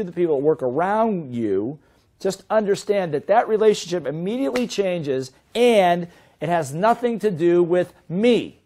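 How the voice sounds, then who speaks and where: A middle-aged man teaching a seminar as a business trainer, in a lively way that keeps asking the audience questions. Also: high-pitched. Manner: lively, asks the audience many rhetorical questions.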